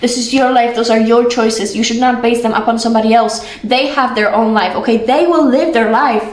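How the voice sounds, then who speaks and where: A young woman, a vlogger talking casually and warmly to camera, full of "like" and pet names. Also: on the high side, fairly even intonation, fairly quick. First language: Polish. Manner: chatty, full of "like", affectionate. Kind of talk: casual heartfelt talk to camera. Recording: roomy echo.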